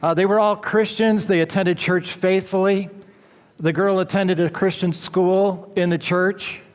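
A man preaching a sermon as pastor, in an earnest, steady manner with a few filler uhs. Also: high voice, measured pace, clear, resonant tone, long reverb tail. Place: church.

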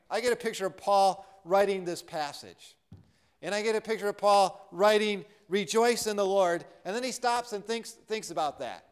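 A man's voice: high voice, smooth. An American man preaching a sermon as pastor, earnest and building on repeated refrains.

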